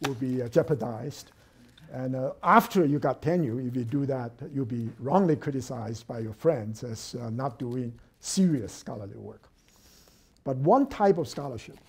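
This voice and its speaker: A man giving an academic lecture, thoughtful and hesitant, pausing on fillers and restarting phrases, then stressing key words. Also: mid-range voice, warm tone, husky.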